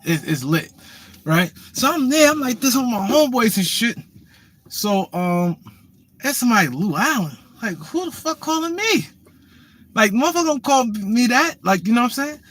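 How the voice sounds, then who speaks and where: A man spins a loose, profane story in casual chat. His voice sits fairly high for a man. He keeps restarting sentences and tossing in "you know what I'm saying.". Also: expressive, normal speed, a bit bright.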